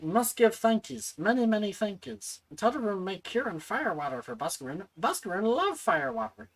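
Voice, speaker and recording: A woman's voice: medium pitch, very animated, normal speed, poor audio. A woman voicing a small gremlin-like shopkeeper who talks in broken, simple phrases about himself in third person. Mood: eager. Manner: broken caveman-style speech, third person.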